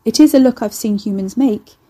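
Woman doing a creaking house spirit, possessive, soothing, mellow, breathy. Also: on the high side, fairly quick.

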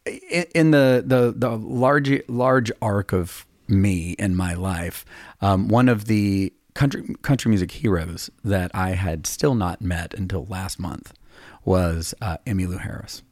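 A man's voice: on the low side, no echo, clean studio sound. A man in his fifties, a songwriter hosting a podcast, telling long rambling stories in a casual, self-deprecating way. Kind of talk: casual storytelling chat.

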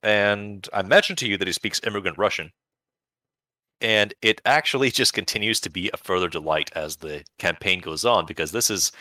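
A man's voice: sits low, sharp tone, no room sound. A man co-hosting a podcast, chatting casually and enthusiastically about video games, rambling with bursts of playful emphasis. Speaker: podcast co-host.

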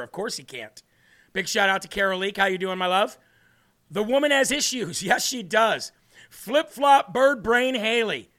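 A man with a high, sharp-toned voice hosts a political livestream. He reads out viewer comments in a brash, mocking way.

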